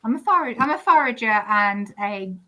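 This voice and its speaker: A woman guest on a radio chat show, a forager and herbalist, answering calmly in short phrases. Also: on the high side, normal speed. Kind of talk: casual radio interview.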